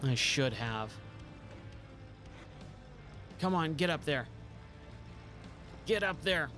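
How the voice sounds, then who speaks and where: A man's voice: on the high side, animated, extremely slow, bright, forceful tone, soft background music. A man streaming a driving game live, talking through his moves with a self-mocking, exasperated commentary and pleading with the game.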